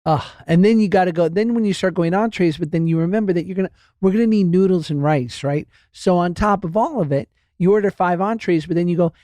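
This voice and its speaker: A man's voice: sits high, fast, few pauses, mellow, dry recording. Playful man, dry close sound. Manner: playful, riffing, laughs easily. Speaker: podcast co-host. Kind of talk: casual podcast chat.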